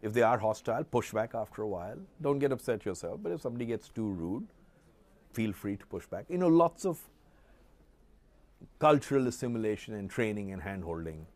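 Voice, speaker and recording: An older Indian man with an Indian English accent, recalling his business past in an interview with lively, chuckling storytelling. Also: lowish voice. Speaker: entrepreneur. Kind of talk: documentary interview recollection.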